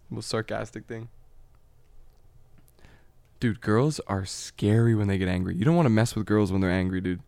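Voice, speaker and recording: A man's voice: fairly low pitch, moderate pace, creaky, pauses often, mellow, no room sound. A man talking in casual, rambling chat, swearing freely and laughing at his own points.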